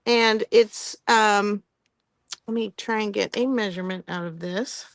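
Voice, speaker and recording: A woman's voice: mid-range voice, a little slow, no room sound. A woman hosting a live online sale, chatting casually about vintage items and laughing often between filler words.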